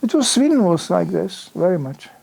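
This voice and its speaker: Older man telling a lively sermon story. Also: high-pitched, normal speed, gravelly, husky. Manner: lively anecdotal telling with many "you know" asides and acted-out sound effects. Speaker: visiting preacher. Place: temple lecture hall.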